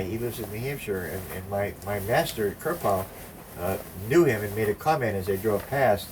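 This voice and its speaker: With lively intonation and a fairly low pitch, an older man speaks at normal speed while telling a rambling, vulgar story in casual conversation. He mimics the people he describes, heard through a distant mic with faint background noise.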